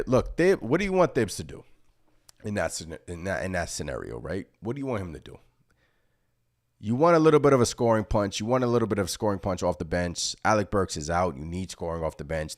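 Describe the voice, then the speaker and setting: A man's voice: sits low, animated, fairly quick, no echo, studio quality. A young man hosting a fan postgame show, ranting in a frustrated, repetitive way and reading out viewer comments. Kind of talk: casual solo postgame rant reading viewer chat.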